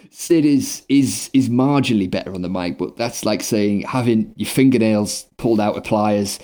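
A man's voice: fairly low pitch, normal speed, mellow. Wry man recapping with sarcasm. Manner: wry, sarcastic, laughs while narrating. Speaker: podcast co-host recapping wrestling. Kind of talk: casual comedic recap chat.

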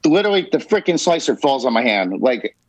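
On a podcast, a man with a mid-range voice tells a rambling, emphatic personal story, swearing freely as he goes. His pitch swings widely and his pace is brisk. It's casual storytelling, captured in dry, dull, lo-fi podcast audio.

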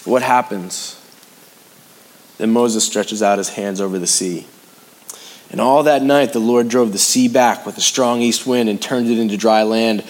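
A man preaching a sermon in a conversational way, repeating phrases for emphasis and moving between raised, urgent lines and hushed, low ones. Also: unhurried. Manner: conversational preaching with sudden rises and hushed drops. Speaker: pastor.

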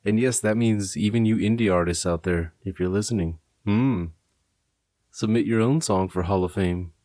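A man's voice: on the low side, normal speed, dark tone, no echo. A young adult man hosting a podcast in casual chat, laid-back, swearing and laughing often. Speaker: podcast host.

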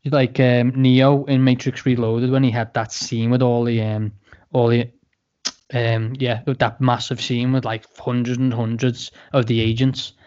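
A man co-hosting a casual podcast, joking and swearing in a relaxed way. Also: medium pitch, measured pace. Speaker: podcast co-host. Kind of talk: casual chat. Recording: slightly dull, muffled audio.

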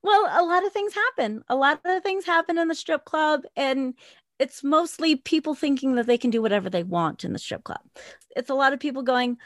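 A woman in her forties telling a wild story in an interview, loud and animated, laughing often. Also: high voice, fairly quick, no echo, studio quality. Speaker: guest, former dancer with a podcast.

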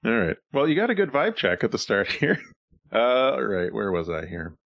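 A man's voice: medium pitch, big pitch swings, moderate pace, vocal fry, fairly bright tone, no room sound. A man acting as game master, narrating a tabletop game in a rambling way with frequent fillers and chuckles. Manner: rambling, chuckling, thinks aloud with many fillers.

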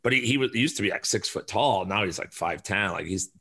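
A man in his forties hosts a podcast in a loose, cursing, rambling way. His voice is gravelly with a forceful, bright edge, and he tells stories with energy. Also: on the low side, fairly quick. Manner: profane, rambling, animated storyteller. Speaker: podcast host. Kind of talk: casual podcast chat.

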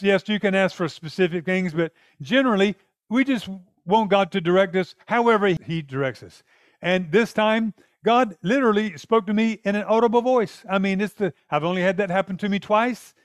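A man's voice: high voice, no room sound, clean studio sound. A man in his fifties preaching a sermon, telling personal stories with acted-out quotes. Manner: storytelling, animated with acted-out quotes. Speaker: pastor.

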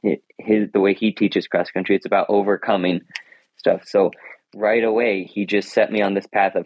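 Teen male interviewee, thoughtful and sincere, lowish voice, muffled lo-fi sound. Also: level tone, normal speed, no echo. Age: teens. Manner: earnest, reflective, with many restarts. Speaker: high school runner, interview guest. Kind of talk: interview answers. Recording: dull lo-fi sound.

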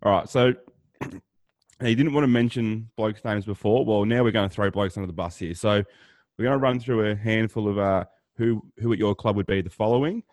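A man co-hosting a casual podcast, speaking in relaxed, blokey banter. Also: fairly low pitch, moderate pace, dry recording, studio quality. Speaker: podcast co-host.

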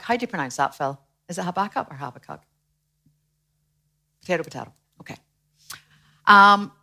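A woman preaching a sermon in a lively way, acting out the voices of the people she quotes. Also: on the low side. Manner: animated, acts out quoted voices.

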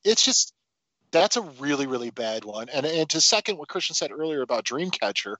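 A man's voice: on the high side, very animated, a little fast, sharp tone, no room sound. A man co-hosting a casual film podcast, talking animatedly and swearing freely. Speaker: podcast co-host.

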